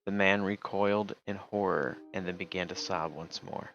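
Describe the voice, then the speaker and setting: A man's voice: deep voice, steady tone, moderate pace, fairly bright tone, highs cut off, soft background music. A man streaming, reading a text game aloud and casually remarking between passages. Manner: casual, reads narration then remarks.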